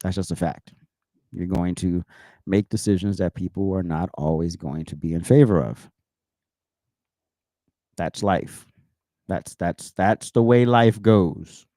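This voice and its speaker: A man's voice: low-pitched, a little slow, pauses often, warm tone, dry recording, studio quality. A man hosting a commentary show, reacting to news clips with blunt, profane, mocking rants. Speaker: host.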